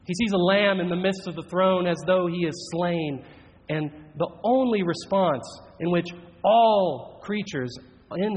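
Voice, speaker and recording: A man preaching a sermon in an earnest, measured way, slowing down for emphatic phrases. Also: high voice, husky. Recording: dull audio with long reverb in a large hall.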